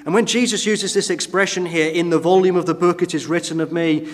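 A man's voice: sits high, steady tone, a little fast. A man preaching a sermon to a congregation, asking the listeners rhetorical questions and often adding tag questions. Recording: long hall reverb.

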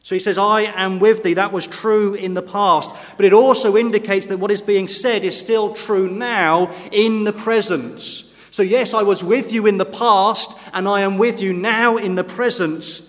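A man with a high-pitched voice delivers a sermon, earnest and emphatic, building in force at the key points. His words carry a long reverb, as if heard in a church hall. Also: steady tone, normal speed, hardly any pauses. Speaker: pastor.

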